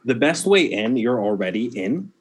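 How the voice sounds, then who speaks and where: A man who is the game master of a tabletop game, describing scenes in a slow, measured way. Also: mid-range voice, big pitch swings, slight background noise.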